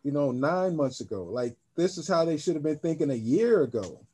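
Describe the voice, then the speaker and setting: A man on a political panel, speaking casually and haltingly with lots of fillers. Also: a little high, big pitch swings, mellow, breathy edge. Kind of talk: casual chat.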